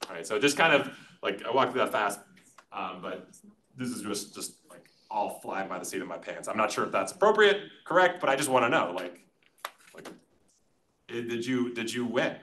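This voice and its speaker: A man's voice: fairly low pitch, lively intonation, normal speed, bright, forceful tone, a little hiss or hum. Rambling man giving conference comments. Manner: rambling, filler-heavy, self-deprecating. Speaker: conference discussant. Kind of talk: casual academic commentary. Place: conference session room.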